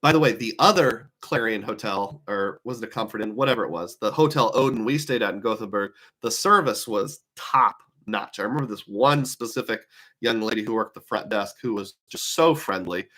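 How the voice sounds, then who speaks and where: A man's voice: lowish voice, fairly quick, pushed and bright. A man giving a casual live talk to viewers on travel rewards, musing aloud and asking many rhetorical questions.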